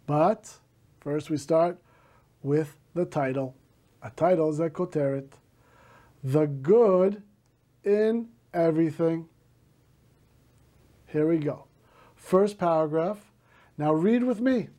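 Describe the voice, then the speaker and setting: A male teacher slowly reading a story aloud to a class, stopping to gloss words in Hebrew. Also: a little high, mellow.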